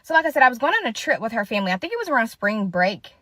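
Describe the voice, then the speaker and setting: A woman's voice: a little high, big pitch swings, very fast, fairly bright tone, no room sound. A woman in her late twenties hosting a casual storytime monologue, chatty and talking straight to her viewers. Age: late 20s. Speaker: storytime host.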